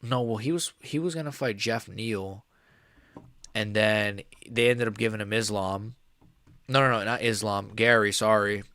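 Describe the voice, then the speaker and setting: A man's voice: fairly low pitch, normal speed, sharp tone, clear, resonant tone, dry recording. Profane, ranting man on a live stream. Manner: rambling with frequent restarts. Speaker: MMA streamer. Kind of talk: live fight reaction stream.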